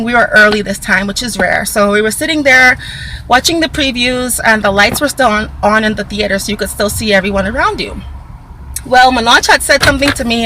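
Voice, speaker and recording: A woman telling a casual storytime vlog, animated, talking to her viewers and acting out what people said. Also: a little high, a little hiss or hum, poor audio. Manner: acts out quoted dialogue in raised voice. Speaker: vlogger.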